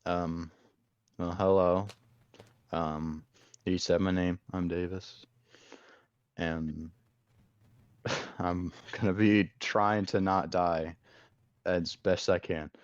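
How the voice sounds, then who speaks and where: A man player in a tabletop game who speaks in a flat monotone. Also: sits low, very slow, long pauses, no room sound. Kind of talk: casual chat. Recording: dull lo-fi mic.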